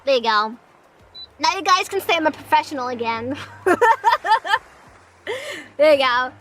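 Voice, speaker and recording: A woman's voice: high-pitched, expressive, a little slow, fairly bright tone, a little hiss or hum, rough recording. A young woman streaming and chatting casually with viewers, playful and self-deprecating, with frequent giggles. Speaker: streamer, part-time voice actor. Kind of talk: casual live-stream chat.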